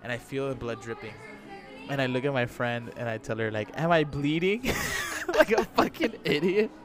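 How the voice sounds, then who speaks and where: A laid-back man of average pitch chats as a podcast guest, swearing freely and laughing at his own stories. Music plays clearly behind him. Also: lively intonation, normal speed. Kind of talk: casual chat.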